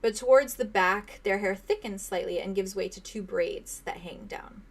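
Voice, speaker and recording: Woman game master narrating a scene. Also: medium pitch. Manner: descriptive, unhurried, with fillers and soft laughs.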